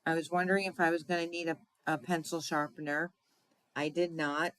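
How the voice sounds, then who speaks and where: A woman's voice: low-pitched, flat delivery, brisk, fairly bright tone, dry recording, rough recording. A woman hosting a card-making tutorial in a chatty way, often checking in with "right?" and laughing at her own slips. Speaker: crafting demonstrator.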